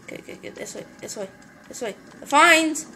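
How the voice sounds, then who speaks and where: Excitable Irish woman gaming. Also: high voice, a little fast, faint music behind. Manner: excitable, chatty, exclamatory. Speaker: let's play host. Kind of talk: gaming commentary.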